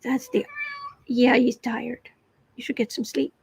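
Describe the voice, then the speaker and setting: A woman with an American accent chats slowly through a tarot livestream. Her voice sits a little high, and she sometimes falls into a soft whisper while she reads comments aloud. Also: flat delivery, vocal fry, slightly rough, no room sound. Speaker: tarot reader and livestream host. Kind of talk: casual livestream chat with tarot reading.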